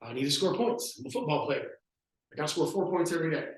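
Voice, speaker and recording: Man, real estate trainer, lively storyteller, fairly high voice, very echoey room. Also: fast talker. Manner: animated storyteller acting out sales pitches. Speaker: real estate team leader. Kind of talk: training talk to agents.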